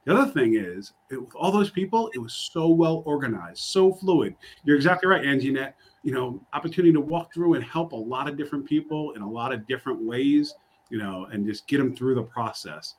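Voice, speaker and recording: A man from New York talking casually on a podcast, energetic, with many fillers and restarts. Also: mid-range voice, brisk, slight background noise. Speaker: program staff on podcast. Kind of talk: casual chat.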